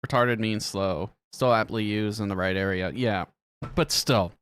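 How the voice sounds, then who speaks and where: A man's voice: on the low side, a little slow, fairly bright tone, clean tone. A man reacting on a live stream with casual, profane commentary, ranting and laughing often.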